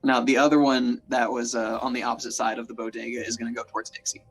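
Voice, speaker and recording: A man's voice: mid-range voice, little pitch movement, quick pace, faint music behind. A man running a tabletop game as game master, narrating in a playful, chatty way with lots of fillers.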